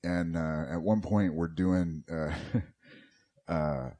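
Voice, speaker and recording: Male podcast host, rambling profane storyteller, very low voice. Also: steady tone, slow, dark tone. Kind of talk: casual storytelling chat.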